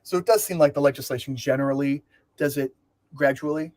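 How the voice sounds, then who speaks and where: A man's voice: medium pitch, a little fast, a little mellow, a little hiss or hum. A man co-hosting a talk show, chatting in a rambling, joking way and often correcting himself. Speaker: podcast co-host. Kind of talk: casual discussion.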